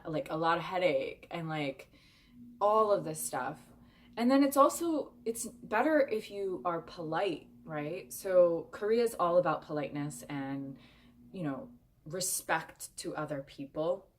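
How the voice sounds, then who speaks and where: Low-voiced chatty woman. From United States. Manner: chatty and candid, frequent fillers. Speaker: vlogger. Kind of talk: casual chat.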